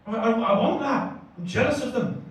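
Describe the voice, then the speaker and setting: A man's voice: extremely high pitch, animated, normal speed. A man in his thirties performing a chatty, self-mocking stand-up comedy set in a live comedy club. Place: comedy club stage before a live audience. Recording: echoey live room, distant mic, crowd laughter.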